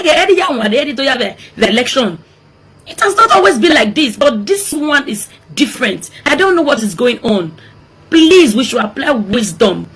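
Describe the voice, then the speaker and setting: A woman's voice: sits high, big pitch swings, moderate pace, a bit bright, soft background music. A woman from Edo State with a Nigerian accent, making an emotional, pleading appeal for peace and repeating her words often.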